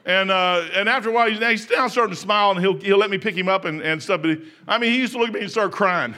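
An older man preaching a folksy sermon, laughing often and swinging from shouts to hushed asides. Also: high-pitched, fast. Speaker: pastor. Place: church sanctuary.

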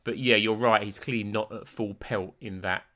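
A man's voice: fairly low pitch, steady tone, normal speed, fairly bright tone. A man co-hosting a podcast, chatting enthusiastically about a documentary. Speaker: podcast co-host. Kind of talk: casual chat reviewing a documentary.

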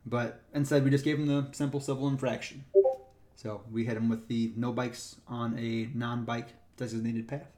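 A man with a mid-range voice chats casually, recounting stories from his work as a park ranger. He tells them in a lively way and plays out the voices of the people involved. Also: medium pitch, moderate pace. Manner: animated retelling, acts out the people in his stories. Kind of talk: casual storytelling chat.

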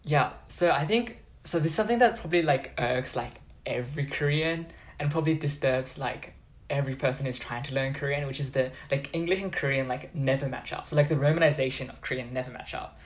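A man's voice: medium pitch, a little fast. A young man chatting casually on a podcast, rambling with lots of filler words. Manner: rambling, heavy use of filler "like". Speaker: podcast co-host. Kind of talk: casual chat.

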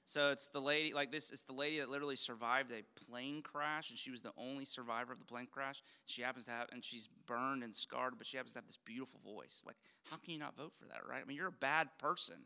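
A middle-aged man preaching a sermon as a pastor, conversational and animated, often restarting his phrases. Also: mid-range voice, fast talker, few pauses, smooth. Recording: long hall reverb.

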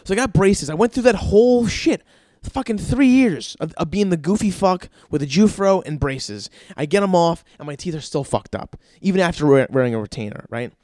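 A man's voice: high-pitched, expressive, a little fast, darkish tone, no room sound, clean studio sound. A man in his thirties doing a profane, rambling comedic rant and jumping into other people's voices. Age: 30s. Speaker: stand-up comedian.

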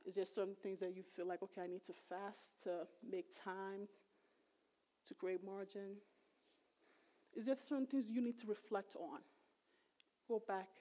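A woman's voice: medium pitch, dark tone. A middle-aged woman giving a sermon in a conversational, emphatic way. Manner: conversational, emphatic, voice rising sharply when retelling emotional moments. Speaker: preacher.

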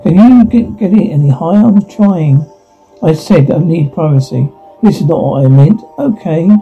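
A man's voice: a little high, expressive, normal speed, faint music behind. A man reading all parts of a teen drama scene aloud, speaking the sound cues between the lines, on a dull lo-fi recording.

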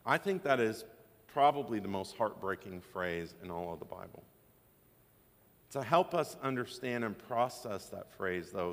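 A man's voice: on the low side, long reverb tail. A man pastor preaching a sermon, telling stories with joking asides. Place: church sanctuary.

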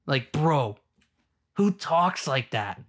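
A man's voice: fairly high pitch, big pitch swings, drawn-out words, fairly bright tone. A young man in a casual rant, rambling and exasperated, full of filler words. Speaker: movie fan ranting.

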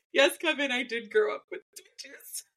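A woman co-hosting a podcast, talking through a reality show episode in a chatty way and slipping into voices to quote people. Her voice is bright and sits fairly high. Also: animated, takes it slowly, a little hiss or hum. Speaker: podcast co-host. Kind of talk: casual recap chat.

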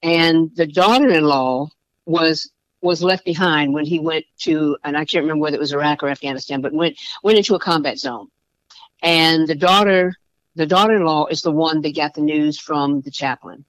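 A woman's voice: low voice, moderate pace, dry recording. A woman state senator and veteran, a podcast guest, talking with passion and repeating phrases for emphasis. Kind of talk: podcast interview. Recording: dull dry lo-fi recording.

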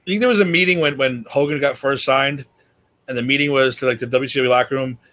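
A man's voice: mid-range voice, quick pace, fairly bright tone, no echo. A man hosting a casual wrestling podcast, joking, laughing easily and steering the talk. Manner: jokey, laughs easily, leads the discussion. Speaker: podcast host. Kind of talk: casual chat.

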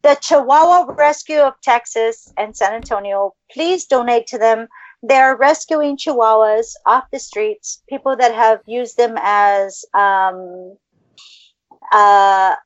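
Woman podcast host, high voice, gushing, effusive, dull lo-fi dry sound. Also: takes it slowly, no room sound. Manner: gushing, effusive baby talk to pets. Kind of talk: casual chat.

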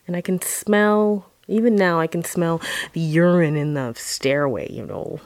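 A woman telling a personal story dramatically, dropping into hushed whispers and then rising into loud outbursts. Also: fairly low pitch, unhurried, no room sound.

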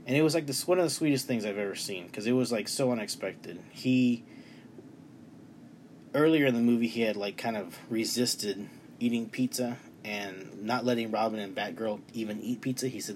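In his bedroom, a movie reviewer in his thirties talks casually about a film he loved, enthusiastic and emotional, rambling and restarting. His voice is medium-pitched, brisk and a little mellow, with slight background noise.

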